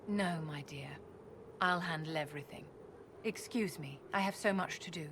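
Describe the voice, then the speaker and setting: A woman's voice: lowish voice, background noise, natural voice. A woman voicing a poised aristocratic court mage. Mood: curt. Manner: refined, measured, composed. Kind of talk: video game dialogue.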